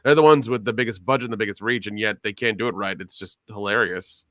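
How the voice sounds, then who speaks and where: A man's voice: lowish voice, fast talker, a bit bright, no room sound, studio quality. A man co-hosting a casual film review chat, easygoing and joking. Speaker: podcast co-host.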